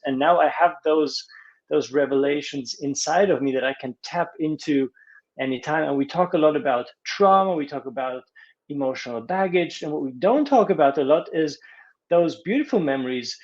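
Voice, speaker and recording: A man's voice: a little high, a little mellow, dull audio. A man who works as a relationship coach, talking earnestly and reflectively in a podcast interview and repeating words as he thinks.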